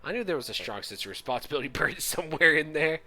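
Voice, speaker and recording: A man streaming a story game live, reacting loudly and incredulously, swearing and laughing between lines. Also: fairly high pitch, lively intonation, very fast.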